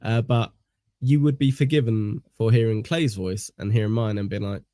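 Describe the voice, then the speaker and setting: A man's voice: on the low side, steady tone, normal speed, dark tone, dry recording, studio quality. A British man from England hosting a podcast, rambling casually with lots of fillers and self-deprecating asides. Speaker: podcast host. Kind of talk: casual chat.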